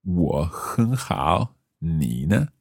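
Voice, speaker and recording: A man playing a polite foreign conference visitor in a slow, careful practice dialogue. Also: sits low, sing-song, vocal fry, husky, dry recording, clean studio sound, full character voice.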